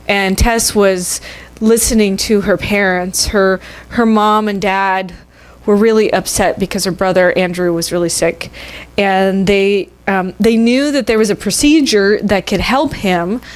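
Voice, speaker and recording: A woman minister telling a story in a sermon, conversational and expressive. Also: mid-range voice. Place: church sanctuary.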